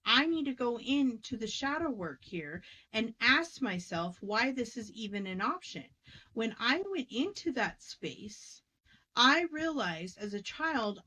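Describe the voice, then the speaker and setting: A woman with a somewhat high voice leads a casual conversation about inner healing. She speaks emphatically and stresses her points. She often acts out the voices of the people she quotes. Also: fairly bright tone, rough recording. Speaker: spiritual teacher.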